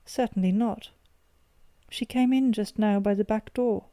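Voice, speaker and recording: A stern, proud aging banker with a very dark, mellow voice, as a woman reads him aloud in a storybook. His lines are delivered dry and close, barely lifted above the narration. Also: medium pitch, steady tone, a little slow, dry recording, natural voice.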